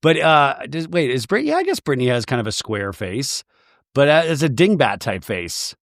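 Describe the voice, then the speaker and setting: Podcast host, male, bouncy and expressive pitch, dry close mic, sardonic recapper. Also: normal speed, no echo. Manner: wry, mocking, lively delivery. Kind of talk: comedic reality-TV recap.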